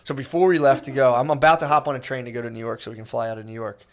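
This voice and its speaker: A man's voice: medium pitch, steady tone, very fast. A man in his thirties co-hosting a podcast, telling a rambling, profane story and acting out the people in it. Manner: rambling, profane, restarts often, acts out quoted voices. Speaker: podcast co-host. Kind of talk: casual comedic storytelling.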